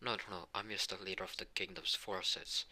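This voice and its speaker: A man's voice: low-pitched, steady tone, normal speed, pushed and bright, heavily acted. A man voicing a patient adult male commander of a kingdom's forces, explaining in a plain, rambling way.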